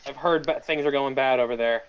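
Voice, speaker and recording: Male player, average pitch, casual and profane, dull lo-fi audio. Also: brisk, a crowd in the background. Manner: casual, swearing, in-character actions. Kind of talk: playing a tabletop game.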